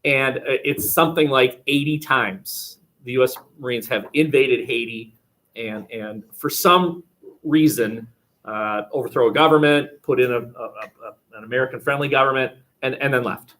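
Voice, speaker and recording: A man's voice: mid-range voice, moderate pace, a bit bright. Wry, rambling male history teacher. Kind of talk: classroom lecture. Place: classroom. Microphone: webcam.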